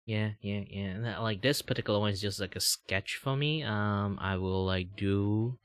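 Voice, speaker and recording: A man from Malaysia chatting casually as host of his live stream. He laughs often and jumps into sudden high exclamations. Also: moderate pace, clear, resonant tone, dry recording, clean studio sound. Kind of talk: casual livestream chat.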